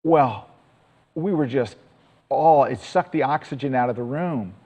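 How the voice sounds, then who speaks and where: A man's voice: mid-range voice, unhurried, a little mellow, long reverb tail, low-quality recording. A man giving a chatty, enthusiastic storytelling talk to an audience as presenter.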